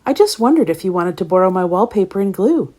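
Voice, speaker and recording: A woman's voice: mid-range voice, very animated, fast. A woman voicing a cheerful, friendly male tomato from a storybook. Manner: bright, friendly.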